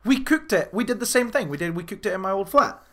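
A young man co-hosting a podcast, chatting casually, animated, swearing freely and laughing often. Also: high-pitched, fast talker. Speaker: podcast co-host. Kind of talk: casual chat.

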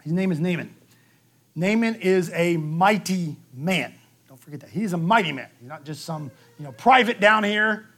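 A man preaching a sermon, telling the story lively and acting out the quotes, with a frequent "okay?" to the room. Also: sits high, moderate pace. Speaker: pastor.

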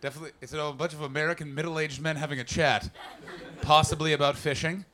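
A man doing an improvised stand-up set, riffing and talking with the crowd, breaking into loud mocking voices for the people in his stories. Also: a little high, fairly even intonation, fast talker. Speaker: stand-up comedian. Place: comedy club stage before a live audience.

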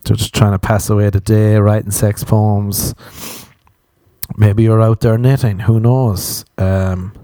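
A man's voice: lowish voice, little pitch movement, slow pace, dark tone, no echo, clean studio sound. Sarcastic man ranting with swearing. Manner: sarcastic, swearing, mocks people in put-on voices. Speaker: comedian. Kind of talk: casual comedic rant. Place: home during quarantine.

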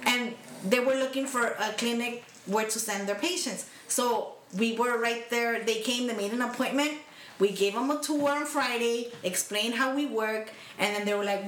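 A woman with a slightly high voice tells a story in loose, animated chat, swearing freely and mixing in Spanish slang. She sounds like she is in a roomy space with a faint hiss underneath. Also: normal speed. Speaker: podcast co-host. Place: podcast room.

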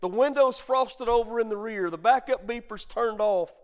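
Pastor, man, middle-aged, high voice, preaching with call-and-response and folksy storytelling. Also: moderate pace, clear, resonant tone. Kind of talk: sermon.

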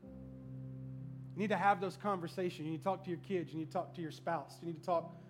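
A middle-aged man preaching a sermon to a church congregation, telling stories in an animated, comic way. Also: high-pitched, brisk, music in the background. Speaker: pastor. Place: church service before a congregation.

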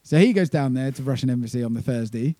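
A man's voice: mid-range voice, animated, fast, mellow, no room sound. A man telling a rambling, swearing tour story with laughs in casual chat. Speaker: touring band member.

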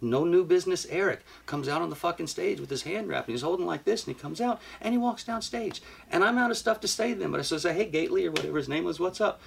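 A man casually telling a story on a podcast, animated and swearing, acting out what he said. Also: sits high, fast, gravelly, hardly any pauses, a little hiss or hum. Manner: animated, profane, acts out his own lines.

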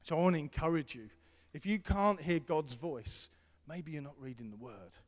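A middle-aged man preaching a sermon as pastor, earnest and repetitive, swinging between loud appeals and hushed tones. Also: fairly high pitch, normal speed. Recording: long hall reverb.

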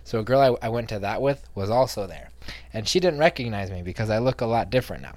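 A man's voice: on the low side, fast. A young man co-hosting a casual chat podcast, telling anecdotes in a talkative way and acting out the people he quotes. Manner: chatty storyteller, acts out quoted voices. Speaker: podcast co-host.

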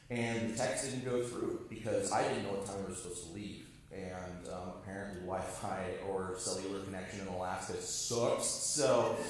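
A man's voice: on the low side, a little hiss or hum. A young man telling a funny personal story on stage before a live audience, laughing at himself and acting out other people's voices. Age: young adult. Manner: self-mocking, laughing, acts out voices of others. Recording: echoey hall from far off, live crowd.

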